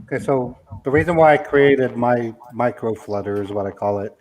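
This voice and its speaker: A man's voice: mid-range voice, moderate pace, a little mellow, poor audio. A male guest explaining a technical setup in a methodical, step-by-step way. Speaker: guest scam baiter.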